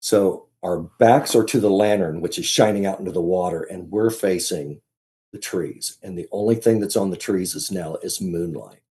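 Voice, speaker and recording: A man as a podcast guest, telling a story in a casual, halting way, often restarting and repeating his words. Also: low-pitched, warm tone, husky.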